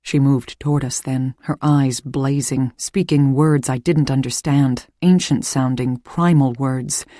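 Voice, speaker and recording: Calm woman narrating an audiobook. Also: rumbling low, unhurried, hardly any pauses, no room sound, clean studio sound. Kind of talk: first-person audiobook narration.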